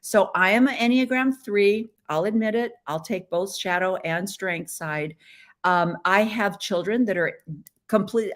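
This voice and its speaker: A middle-aged woman from the US Midwest hosting a live podcast stream, chatty and playful, talking into her webcam. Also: on the low side. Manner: chatty and playful, with frequent laughs. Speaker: podcast host. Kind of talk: casual live-stream chat.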